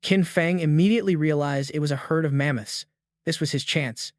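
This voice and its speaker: A man's voice: a little high, fairly quick, no room sound, clean studio sound. Man narrating a story recap.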